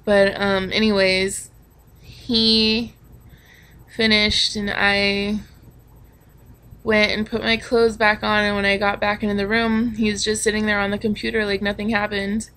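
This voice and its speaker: A woman's voice: mid-range voice, level tone, unhurried, fairly bright tone, clear, resonant tone. A young woman telling a personal story in a candid vlog, frank and confessional, with lots of swearing and filler words. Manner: frank and confessional, swears freely, many ums and likes. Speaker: vlogger.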